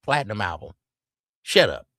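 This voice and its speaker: A man's voice: on the low side, big pitch swings, moderate pace, a bit bright, dry recording, clean studio sound. A man hosting a podcast, teasing and roasting his co-host with bursts of mock outrage. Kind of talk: comedic casual chat.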